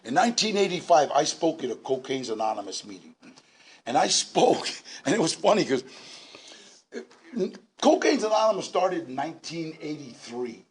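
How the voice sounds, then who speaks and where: A man in his sixties telling his story at a recovery meeting, animated and laughing, with shouted bursts. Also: on the high side, normal speed, husky. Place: large indoor meeting room.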